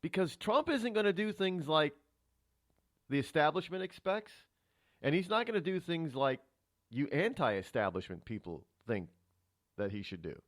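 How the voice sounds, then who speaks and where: Male talk radio host, rambling monologue with restarts, lively up-and-down delivery, dry close mic. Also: a little high, moderate pace, no echo. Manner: rambling, musing aloud with many restarts. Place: home radio studio.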